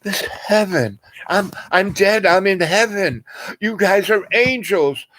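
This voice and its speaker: A man voicing a lost, half-naked young stranger who is dazed and euphoric, speaking in a high, excited voice. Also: unhurried. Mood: blissful.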